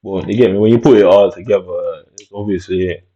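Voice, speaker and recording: A man's voice: sits low, steady tone, a little fast, dull audio. A man telling a long, reflective story about his childhood in casual, rambling talk, dropping "innit" throughout. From Jamaica. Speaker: vlogger.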